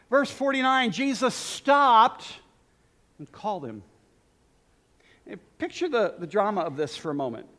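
A man's voice: sits high, a bit bright. A man preaching a sermon in an emphatic style, speaking directly to his listeners.

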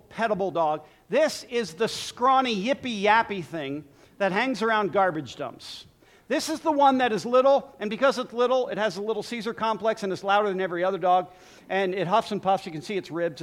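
A man preaching a sermon in a lively, humorous way, often laughing at his own jokes. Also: high-pitched, normal speed.

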